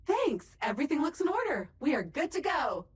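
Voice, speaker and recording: A chirpy female AI assistant, high voice, lively swooping delivery, bubbly and helpful, game voice acting. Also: brisk. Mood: chipper. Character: cheery female AI assistant of a space habitat.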